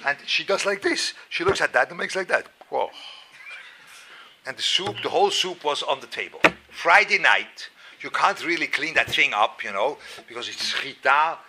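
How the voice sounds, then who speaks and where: Speaking at a moderate pace in a higher-leaning voice, a middle-aged man from Switzerland tells stories at a Torah class, poking fun at himself. He repeats words and bursts out loudly without warning. Background noise can be heard.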